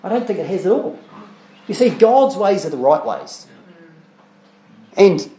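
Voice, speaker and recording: A man's voice: high voice, very animated, measured pace, mellow, roomy sound, slight background noise, rough recording. A man preaching a sermon as pastor, talking conversationally with rhetorical questions and repeated words, and reading scripture aloud in old-style English. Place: church.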